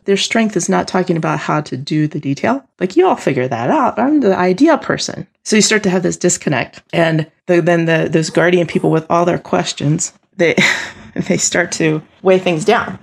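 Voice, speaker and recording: A woman guest explaining team types in conversation, lively and acting out the voices of the people she describes, laughing often. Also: on the low side, gravelly, breathy edge. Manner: animated, acts out quoted voices, laughs often. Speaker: guest speaker on team dynamics.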